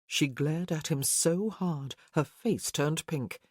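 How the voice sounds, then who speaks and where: A woman narrating a historical romance audiobook in a steady, even storytelling voice. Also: sits low, slow, few pauses, dry recording, studio quality.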